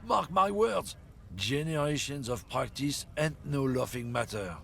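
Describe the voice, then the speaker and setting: A man voicing a gruff, bigoted middle-aged trucker from a game, swaggering and sneering as he boasts. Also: mid-range voice, animated, unhurried, a bit bright, slight background noise. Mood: boastful. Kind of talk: voicing game dialogue on a livestream.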